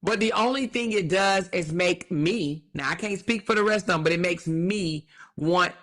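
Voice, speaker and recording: A woman hosting a casual livestream, talking emphatically, repeating herself, laughing often and slowing down to stress her points. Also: fairly low pitch, fairly bright tone. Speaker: livestream commentary host.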